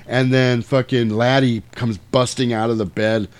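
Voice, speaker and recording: A man's voice: medium pitch, a little slow, clean tone, no room sound. A man in casual chat, telling a movie plot scene by scene, acting out the quotes and swearing freely. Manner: animated storytelling, acts out quotes, swears freely.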